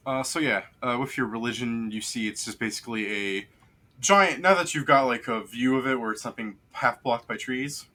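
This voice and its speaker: A man's voice: medium pitch, normal speed, sharp tone. A man narrating a tabletop game as game master, describing scenes in a rambling way full of fillers.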